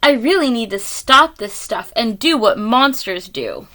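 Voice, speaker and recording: A woman's voice: on the high side, expressive, measured pace, a bit bright. A woman voicing a sad, lonely young male monster in a storybook, speaking in a tearful, pleading sing-song rhyme. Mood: wistful.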